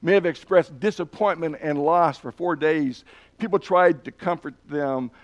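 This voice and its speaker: A man's voice: on the high side, normal speed. A man preaching a sermon, earnestly retelling and reading scripture passages aloud with emphasis. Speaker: pastor.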